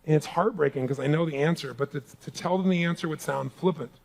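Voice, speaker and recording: A man's voice: on the high side, quick pace, gravelly, a little mellow, rough recording. A man giving a live seminar speech as a motivational speaker, emphatic and rallying the crowd with call-and-response questions. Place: large seminar hall.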